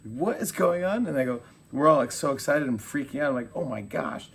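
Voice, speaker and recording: Gravelly-voiced man telling stories. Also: medium pitch, fast, a little hiss or hum. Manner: animated storyteller, acts out quotes. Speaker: talk show host, interviewee. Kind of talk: casual interview chat.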